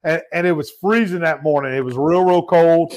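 A man hosts a relaxed podcast chat, telling his story with animated energy. His voice sits a little higher than most men's. He jumps in and out of the voices of the people he quotes. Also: moderate pace. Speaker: podcast host.

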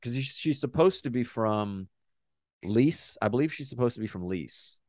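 A podcast co-host chats casually, rambling and joking with the occasional swear word. His mid-range voice is animated and darkish in tone, at normal speed. The recording is dry and studio quality.

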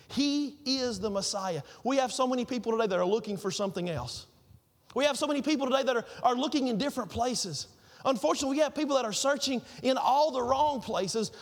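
A man's voice: very high-pitched, long reverb tail. A man preaching a sermon, telling stories and repeating phrases for emphasis. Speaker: pastor.

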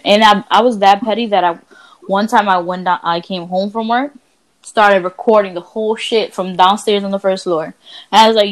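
A woman's voice: mid-range voice, steady tone, normal speed. A woman co-hosting a casual podcast, telling stories in a blunt, profane way. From Dominican family. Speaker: podcast co-host. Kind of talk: casual chat.

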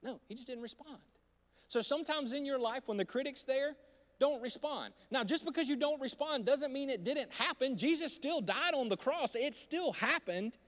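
Male pastor, high and animated, preaching on a handheld mic in a reverberant church hall. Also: normal speed. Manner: animated preaching, swings from loud to hushed. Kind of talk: sermon. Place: church auditorium. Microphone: handheld microphone.

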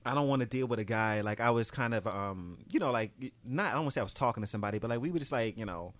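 A man's voice: mid-range voice, expressive, racing, a bit bright, no echo. A man in his thirties hosting a podcast, chatting candidly and laughing often, with plenty of fillers. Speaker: podcast host. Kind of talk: casual chat.

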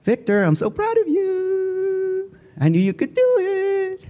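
A man voicing a caring older female teacher in a high, soft, drawn-out falsetto. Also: wildly swooping pitch, big-room sound, heavily acted. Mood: tender.

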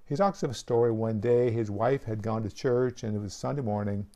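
A man's voice: lowish voice, brisk, mellow. A man who is a pastor, preaching a sermon with an earnest, pleading call and frequent restarts.

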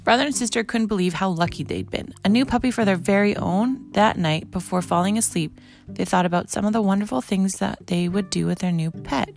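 A woman reads a children's storybook aloud in a gentle, even manner. Her voice has a gravelly texture and sits at a middle pitch. Faint music plays in the background. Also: a little fast. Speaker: narrator.

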